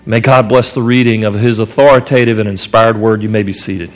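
A pastor from North Carolina preaching a sermon, telling a story earnestly and rising in pitch at the dramatic moments. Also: male voice, fairly even intonation, fairly quick. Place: church sanctuary. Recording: long reverb of a church hall.

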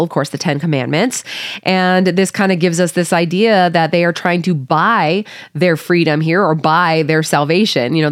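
A woman's voice: fairly low pitch, dry recording, studio quality. A woman reading the Bible aloud and stopping to muse informally on each passage. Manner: reads scripture then muses aloud informally. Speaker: Bible study teacher.

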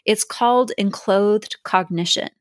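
Lively woman podcast host, dry close sound. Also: mid-range voice, a little slow, dry recording. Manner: lively, animated storyteller. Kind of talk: casual podcast chat.

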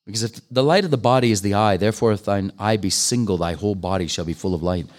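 A man's voice: on the low side, fast, a little mellow. An older man preaching a sermon, earnest and pleading, pressing his listeners with questions that rise into fervent appeals. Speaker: guest preacher.

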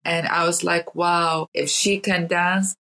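A woman's voice: lowish voice, level tone, slow pace, bright, forceful tone, poor audio. A woman from Iraq, an interview guest telling emotional stories and repeating words for emphasis. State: emotional, near tears. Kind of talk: emotional storytelling in conversation.

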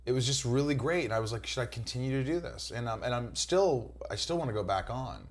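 A man in his forties, from New York and raised in Indiana, chatting as a guest and telling animated, profane stories. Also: medium pitch, fast. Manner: animated storyteller, swearing, mock voices. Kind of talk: casual chat.

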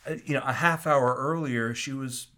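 A man telling a story as an interview guest, animated and acting out the quotes, with frequent restarts. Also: mid-range voice, normal speed. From Kansas City area.

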